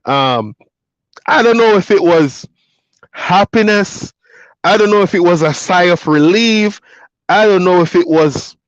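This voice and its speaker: A high-pitched male voice with no room sound comes through on a dull, dry lo-fi recording. He's a Jamaican truck driver who streams, a Patois speaker with a Jamaican accent, casually reading viewer comments aloud on a livestream and chatting back in an easygoing way, laughing often.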